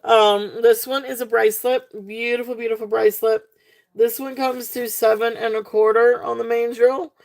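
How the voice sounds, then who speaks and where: A woman hosting a live jewelry sale stream, giggly and gushing at her viewers, rambling with lots of fillers. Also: fairly high pitch. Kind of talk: casual live-stream selling chat.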